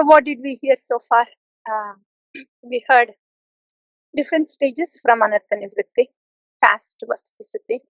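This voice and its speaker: A high-pitched woman gives a devotional talk, teasing her listeners and then pressing them to take it seriously. Her voice sounds dry and close, with almost no room in it. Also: no room sound, rough recording. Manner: playful, mimics complacent listeners with soft laughs. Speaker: spiritual teacher.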